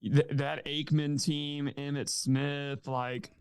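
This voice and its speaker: A man's voice: on the high side, little pitch movement, slow, a little mellow, clear, resonant tone, no room sound. A man co-hosting a casual sports betting podcast, arguing his points earnestly in long runs. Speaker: podcast co-host.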